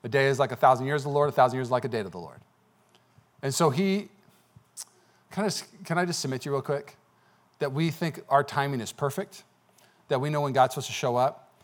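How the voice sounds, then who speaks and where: A man's voice: mid-range voice, lively intonation, fast talker, pauses often. A man preaching a sermon as pastor in a church, talking conversationally with frequent "okay?" asides. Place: church sanctuary.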